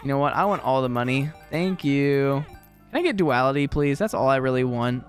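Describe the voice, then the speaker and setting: A young gaming video creator who also teaches gives casual, rambling gameplay commentary in a medium-pitched, animated voice at a quick pace, with faint music behind him. He laughs often and pokes fun at himself while telling stories from his teaching day.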